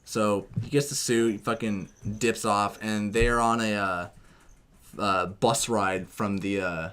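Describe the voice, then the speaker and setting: A man hosting a casual film review chat, retelling the plot in an animated, profane way and acting out the lines. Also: lowish voice, slow pace, smooth. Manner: animated, profane, acts out the plot in quoted voices. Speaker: film reviewer, podcast host.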